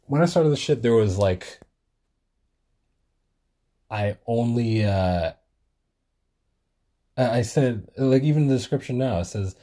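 A man's voice: medium pitch, animated, slow pace, pauses often, warm tone. A man hosting a solo podcast, rambling casually and swearing a lot, with self-deprecating asides.

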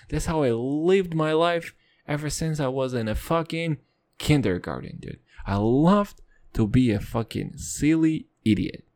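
A young man, a comedian and native Russian speaker, who rambles through a silly, profane comic rant. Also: a little mellow. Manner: rambling, profane, silly, with sudden jumps in pitch.

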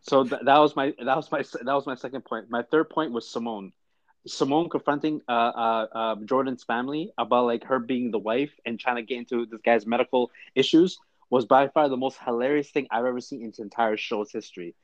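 A man co-hosting a podcast in casual chat, animated and full of "like" and "I'm like". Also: medium pitch, brisk, no room sound, dull audio. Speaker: podcast co-host.

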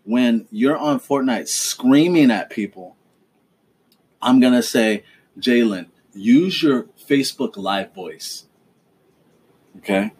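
A man's voice: medium pitch, lively intonation, slow pace, long pauses, darkish tone, husky. A man hosting a casual home podcast with his child, teasing and lecturing in a fatherly way. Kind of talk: casual family chat.

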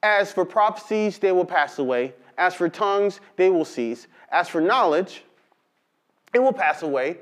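A man preaching a sermon, reading scripture slowly and telling lively stories with call-and-response. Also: sits high. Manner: animated storytelling with call-and-response to the congregation; slow, drawn-out emphasis on scripture. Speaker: pastor.

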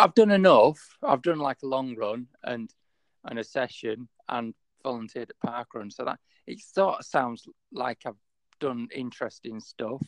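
A man's voice: medium pitch, no echo. A man with a Yorkshire accent co-hosting a casual podcast, rambling and hesitant with many fillers. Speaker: podcast co-host.

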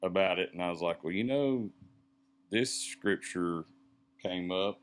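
A man, co-hosting a casual church podcast and talking in a halting, rambling way. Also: deep voice, smooth. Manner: halting, rambling, searching for words.

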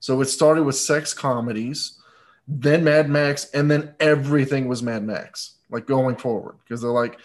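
A man's voice: medium pitch, steady tone, unhurried. A man co-hosting a casual movie podcast, rambling and joking, swearing freely. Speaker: podcast co-host.

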